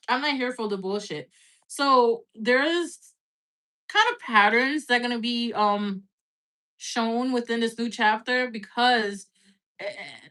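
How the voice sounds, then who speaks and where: Hiccuping through a live-stream tarot reading, this woman speaks in a slightly high, pushed, bright voice. Her style is casual and blunt, full of chatter, cursing, and "like."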